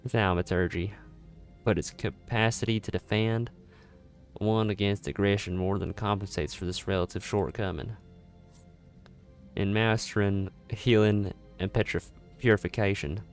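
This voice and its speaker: A man voicing a solemn male guildmaster of healing mages in a put-on general Southern US accent, reading game dialogue aloud with formal, measured delivery. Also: deep voice.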